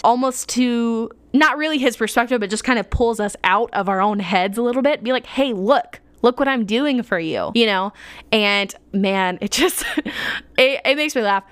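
A woman's voice: on the high side, no room sound. A young woman hosting her own podcast, sharing her faith in an earnest, emotional way, laughing often and restarting sentences as she goes. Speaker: podcast host. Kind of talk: casual faith-sharing monologue.

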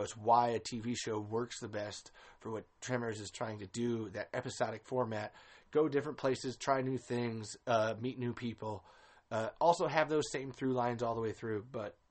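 A man hosting a casual film commentary podcast, ranting with exasperation and swearing freely. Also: medium pitch. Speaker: podcast host.

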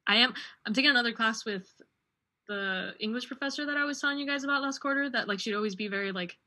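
A woman's voice: a little high, fast, pushed and bright. A young woman co-hosting a casual chat, talking about her classes in a chatty way. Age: young adult. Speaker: podcast co-host.

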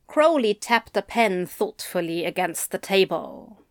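Female audiobook narrator, slow and measured, wry touch, dead-dry room. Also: mid-range voice, very animated, no echo.

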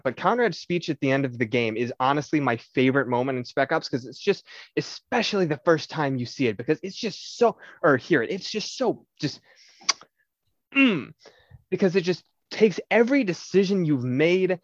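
A young man, a podcast co-host, retelling a story in casual chat, animated and swearing often while acting out quotes. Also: on the high side, moderate pace, no echo. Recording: slightly dull, dry recording.

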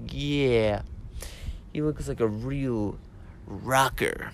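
A man's voice: medium pitch, expressive, slow pace. A young man in a rambling casual monologue, ranting with swearing and lots of fillers. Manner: meandering, profane ranting with many fillers. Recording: faint background noise.

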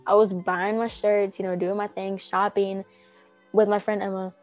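A woman's voice: medium pitch, little pitch movement, normal speed, a little mellow, soft background music. Rambling teenage girl telling stories. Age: teens. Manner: rambling, heavy use of "like", acts out quotes. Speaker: podcast co-host. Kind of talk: casual chat, storytelling.

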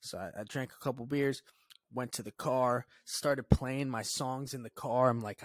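A young man hosting his own podcast, telling a story in a loose, profane, rambling way and dropping to a low mutter when he quotes his own thoughts. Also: steady tone, normal speed, no echo. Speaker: podcast host. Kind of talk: casual solo podcast storytelling.

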